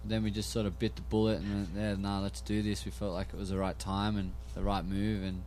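A man's voice: on the low side, little pitch movement, fast, a little mellow, a little hiss or hum. An Australian man, a musician guest, talking easygoing in a casual interview with many fillers.

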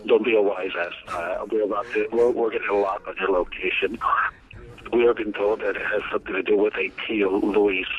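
A man voicing a gruff male police officer who talks haltingly, as if over a walkie-talkie. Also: lowish voice, fairly even intonation, narrow, tinny audio, voice pushed down, close to an everyday voice. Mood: mock-official. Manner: halting, full of ums, radio-style delivery.

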